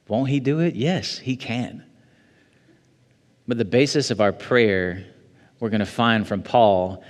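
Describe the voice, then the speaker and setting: A man preaching a sermon as pastor, quoting scripture in a measured way and building to emphatic high points. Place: church sanctuary. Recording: long church reverb.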